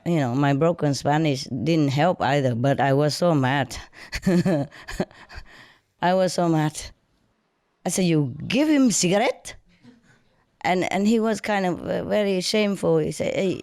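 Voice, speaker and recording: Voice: medium pitch, a little mellow, clear, resonant tone, no echo, clean studio sound. A speaker whose first language is not English, telling a casual anecdote to a friend in broken grammar, often laughing and growing indignant. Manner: frequent fillers like you know and yeah. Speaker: storyteller.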